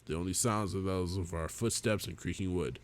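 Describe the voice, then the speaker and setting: A man's voice: deep voice, fairly quick. A young man hosting a gaming video, reading a visual novel aloud in a casual way, swearing and joking as he goes.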